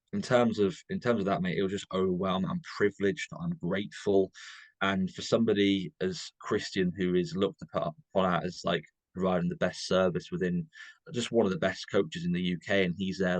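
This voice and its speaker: A man's voice: deep voice, level tone, normal speed, dry recording. A young man, a podcast guest, eagerly telling a story in casual chat and saying "mate" constantly. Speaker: podcast guest, bodybuilding coach.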